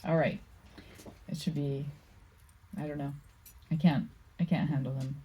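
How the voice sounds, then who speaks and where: A woman giving a casual tarot card reading, musing aloud slowly with many pauses and reading card meanings from a book. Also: low-pitched, fairly even intonation, mellow, husky, low-quality recording. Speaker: tarot reader.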